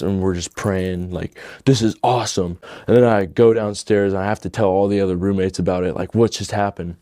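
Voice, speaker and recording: A man's voice: sits low, mellow, dry recording, clean studio sound. A young man giving a casual personal testimony, telling his story with lots of "like" and big emotional swings. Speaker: testimony speaker.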